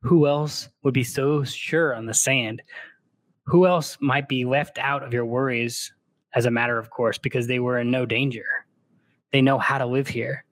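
Male co-host, casual book chat, animated retelling with read-aloud bits, mid pitch. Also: normal speed, dry recording. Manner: animated retelling, slips into character quotes.

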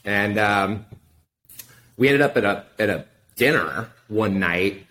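A middle-aged man telling a story casually in an interview, animated and profane, acting out the dialogue. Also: fairly low pitch, slight background noise. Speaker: podcast guest, wine consultant.

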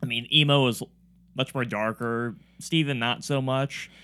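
A man with a bright, smooth voice talks casually on a podcast. He rambles through his points, full of "um"s and restarts. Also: medium pitch, fairly even intonation, a little slow. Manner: rambling, many fillers and restarts. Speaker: podcast host. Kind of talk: casual chat about comedy.

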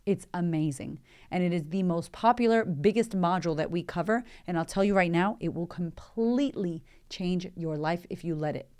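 Energetic woman coach, lowish voice. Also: moderate pace, few pauses, smooth. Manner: energetic, conversational, fires rhetorical questions. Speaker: podcast host and life coach. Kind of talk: motivational podcast monologue.

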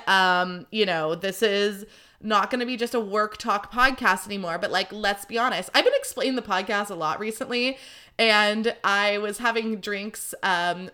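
Podcast host: young woman, bright voice, rambling casual chat, swears a lot. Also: mid-range voice. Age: young adult. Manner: chatty, rambling, swears freely.

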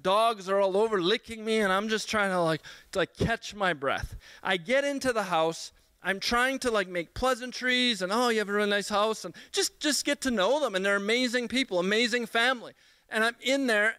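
At a church gathering, a man with a high, bright voice tells a humorous personal story as part of a sermon. He's an animated, self-mocking storyteller who restarts often, and the recording is clean and dry.

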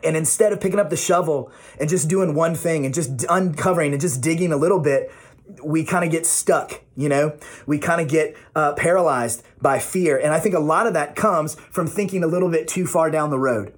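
Husky man giving a pep talk. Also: a little high, a little fast. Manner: encouraging, repetitive, affectionate. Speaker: motivational vlogger. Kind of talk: casual motivational talk to camera. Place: at home.

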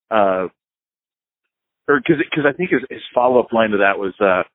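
A man's voice: medium pitch, fast talker, no room sound. A man co-hosting a casual podcast, recounting a story in a rambling, hesitant way with frequent laughs. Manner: rambling, hesitant, lots of fillers and restarts, laughs often. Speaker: podcast co-host. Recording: phone-like, dry sound.

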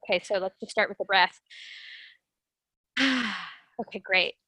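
A woman speaking as an interview guest, explaining things in an animated way and acting out her own inner voice. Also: medium pitch, fast talker, no echo, low-quality recording. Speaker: guest, sales development rep. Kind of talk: conversational interview.

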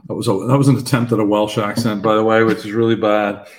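Male podcast co-host, deep and even, wry and self-mocking, sincere underneath. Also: fast talker. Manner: jokey and self-deprecating, then earnest. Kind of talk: casual faith conversation.

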